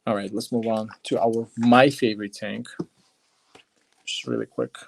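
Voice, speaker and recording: A man's voice: on the low side, steady tone, moderate pace, creaky. A man casually flipping through a book on a livestream, rambling and chatting with his viewers.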